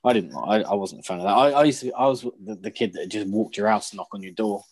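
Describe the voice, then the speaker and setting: Husky sweary man. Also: on the low side, fast, darkish tone. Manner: rambling, sweary, many restarts. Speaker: podcast co-host. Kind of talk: casual chat.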